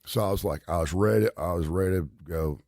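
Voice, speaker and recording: Deep deep voiced radio host guy, middle aged, rambly and emphatic, dry booth sound. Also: fast, a little mellow, dry recording. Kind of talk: casual talk-radio storytelling.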